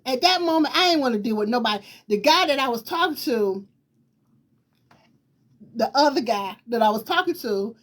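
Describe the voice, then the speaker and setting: A middle-aged woman from Virginia, a talk show host, telling a personal story to viewers in a lively, emphatic way, often laughing. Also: high voice.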